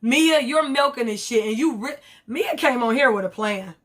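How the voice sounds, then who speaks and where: Blunt, profane woman vlogger with a bright voice. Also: fairly high pitch, normal speed. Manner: blunt, profane, rambling commentary with quoted asides. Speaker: reality TV recap vlogger. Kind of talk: casual vlog recap.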